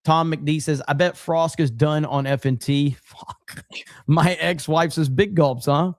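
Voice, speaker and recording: A man's voice: on the high side, steady tone, a little slow, no room sound, studio quality. A male livestream host reading super chats aloud in casual chat, swearing freely and laughing often.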